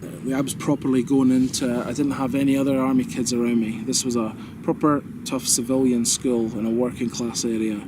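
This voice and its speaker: A man in his thirties with a soft, well-spoken Scottish accent, reminiscing in a rambling, self-correcting way and chuckling often. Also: mid-range voice, flat delivery, brisk, few pauses, background noise. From Scotland. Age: 30s. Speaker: vlogger. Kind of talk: casual reminiscing monologue. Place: outdoors.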